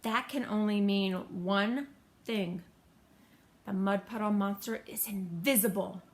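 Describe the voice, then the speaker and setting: A woman voicing a pompous male detective who declaims slowly and grandly. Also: mid-range voice, lightly acted. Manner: grand, declaiming, slow and emphatic. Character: pompous self-proclaimed great male detective.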